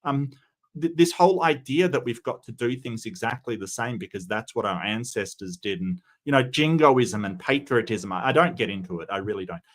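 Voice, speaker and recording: A man's voice: mid-range voice, animated, brisk. A man talks loosely on a livestream, answering his chat as he goes. He rambles through fillers and false starts, with plenty of strong opinions along the way. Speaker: streamer reading chat.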